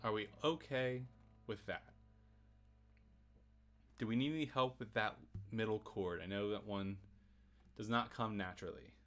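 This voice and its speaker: With a lowish voice, a measured pace, and long pauses, a man leads a casual guitar lesson on livestream, teaching a song. He stays relaxed, chats with viewers, answers their comments, and laughs often, as acoustic guitar plays faintly in the background.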